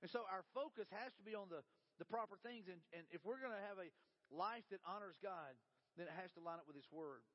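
Fast-talking pastor preaching in a hall. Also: male voice. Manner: folksy storytelling, drops into a soft low voice for quotes. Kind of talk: sermon. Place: church sanctuary. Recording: dull reverberant church hall.

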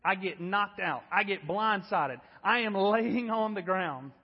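A man in his thirties preaching a sermon, telling a story in an animated, self-deprecating way. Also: sits high, measured pace, breathy edge, long reverb tail, dull audio. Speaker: pastor. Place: church.

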